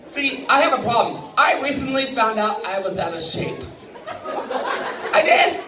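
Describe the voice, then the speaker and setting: Filmed on a phone far back in the audience, a high-voiced woman performs a brash, profane stand-up set at a live benefit show in a large indoor hall, often laughing through her punchlines. The distant recording is echoey, with audience laughter and room noise.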